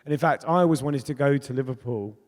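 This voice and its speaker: A man's voice: mid-range voice, fast talker, darkish tone, a little hiss or hum. A man in his fifties, a pop musician telling stories in an onstage conversation, chatty and laughing often. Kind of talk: candid storytelling in an onstage conversation. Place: festival talk in a hall. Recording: long hall reverb.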